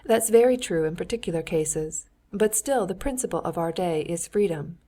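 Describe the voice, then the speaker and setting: A woman's voice: on the low side, animated, normal speed, dark tone. A woman reading an eager, genial nobleman. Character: eager, genial middle-aged Russian nobleman.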